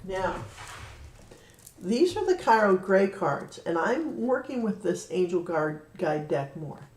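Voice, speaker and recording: A woman giving a spiritual card reading, talking in an earnest, gently encouraging way. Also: medium pitch, big pitch swings, slow pace, slight background noise. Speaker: card reader. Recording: roomy echo, voice from a distance.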